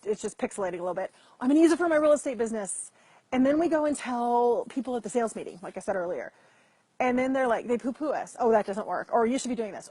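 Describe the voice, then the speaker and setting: Husky-voiced woman hosting a live stream. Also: fairly high pitch, darkish tone, no echo. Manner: chatty, repeats and restarts, addresses viewers directly. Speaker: host. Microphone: computer mic over weak internet.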